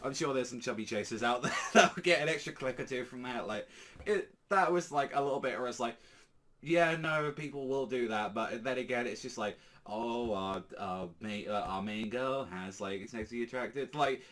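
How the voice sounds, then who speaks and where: A man's voice: mid-range voice, normal speed, a bit bright. A man giving a casual, rambling manga reaction, full of fillers and swearing. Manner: rambling, filler-heavy, profane. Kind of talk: casual chat.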